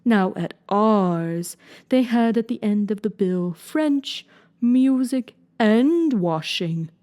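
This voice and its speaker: A woman voicing the Mock Turtle, a sorrowful sighing male sea creature, with slow drawn-out audiobook delivery. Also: medium pitch, animated, mellow. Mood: mournful. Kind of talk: audiobook character reading.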